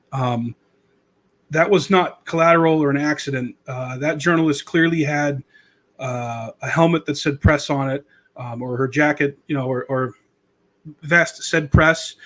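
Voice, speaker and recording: Sarcastic guy in his 30s riffing on the news, bit of a higher voice, rambly. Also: fairly bright tone. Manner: rambling, sarcastic, does mocking impressions. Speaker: podcast host. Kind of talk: casual political commentary.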